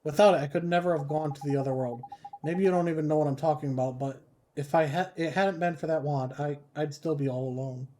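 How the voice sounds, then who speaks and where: An earnest young boy hero speaks politely and at times hesitantly, read by a man. The voice is slightly high and mellow, over faint background noise. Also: quick pace, natural voice.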